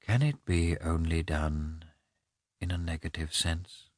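A man voicing an earnest, weary landowner who mutters quietly and introspectively. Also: deep voice, slow, dry recording, clean studio sound. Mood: brooding.

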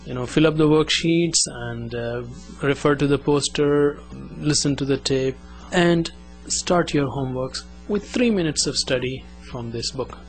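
A man teaching an Arabic lesson, drilling words slowly for listeners to repeat. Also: medium pitch, faint music behind. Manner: slow, drilling call-and-repeat. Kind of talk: classroom language lesson.

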